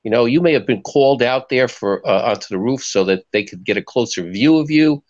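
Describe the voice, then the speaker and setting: A man co-hosting a live chat, asking probing questions and explaining his theories in a measured, analytical way. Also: medium pitch, a little mellow. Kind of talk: casual talk, interviewing and theorizing. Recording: muffled lo-fi stream audio.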